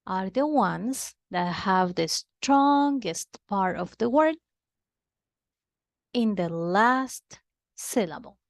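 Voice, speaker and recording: In this studio-clean clip with no room sound, a woman's mid-range voice carries some vocal fry. She gives children a slow, patient Spanish lesson, going back and forth between Spanish and English and repeating the important words as she explains.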